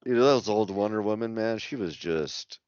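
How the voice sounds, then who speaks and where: Deep-voiced laid-back man, dry lo-fi sound. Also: moderate pace, a little mellow, no echo. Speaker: podcast co-host. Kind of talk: casual chat.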